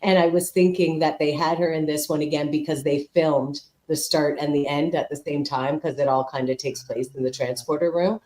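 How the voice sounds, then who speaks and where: A woman's voice: low-pitched, fairly even intonation, moderate pace, hardly any pauses, a little mellow, reverberant, poor audio. A woman on a podcast panel, chatting casually and adding dry asides. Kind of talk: casual chat.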